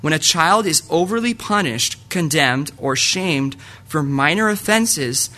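A man's voice: a little high, animated, a little slow, pushed and bright. A young adult man preaching a sermon to a live audience in a church hall, casual and rambling, joking and filling gaps with ums. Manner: casual, rambling, jokey with frequent fillers.

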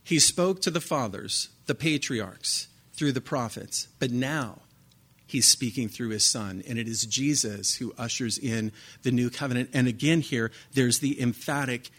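A man's voice: medium pitch, a little slow, fairly bright tone, slightly rough. A middle-aged man preaching a sermon in an earnest, conversational way, repeating himself and asking rhetorical questions. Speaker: pastor.

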